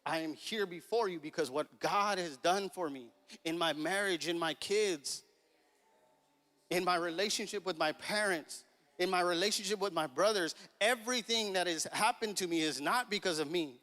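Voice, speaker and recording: At normal speed, a man in his thirties preaches in a church sanctuary, his high voice bright and forceful. As the pastor, he tells a family story with easy chuckles and performs the conversation. A long church-hall reverb colors the recording.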